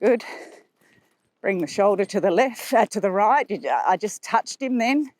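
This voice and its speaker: A woman horse trainer explaining her riding aids as she rides, calm and explanatory, with soft praise for the horse in between. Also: medium pitch, normal speed. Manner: talking while riding a horse. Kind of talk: instructional commentary while riding. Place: riding arena.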